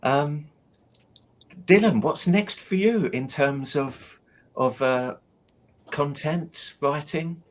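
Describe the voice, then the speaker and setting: A man hosting a podcast, asking a guest a question in an unhurried, hesitant way. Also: a little high. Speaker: podcast host. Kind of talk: casual chat.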